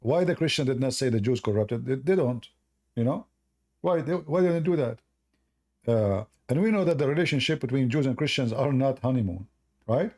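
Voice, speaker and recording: Hoarse, sarcastic man with a mellow voice. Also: medium pitch, expressive, moderate pace. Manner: sarcastic, argumentative, emphatic. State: hoarse, losing his voice. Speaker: host. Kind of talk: debate call-in discussion.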